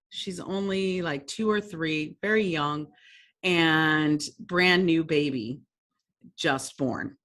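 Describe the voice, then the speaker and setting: A woman's voice: low voice, fairly bright tone. A woman presenting a workshop lesson, telling stories in a conversational, self-deprecating way and laughing often.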